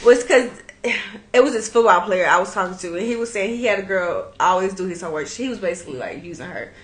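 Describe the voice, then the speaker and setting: A woman's voice: mid-range voice, quick pace, reverberant. A woman co-hosting a casual podcast, reacting a lot and adding playful asides. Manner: reactive, lots of listening sounds and playful interjections. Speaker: podcast co-host. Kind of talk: casual chat.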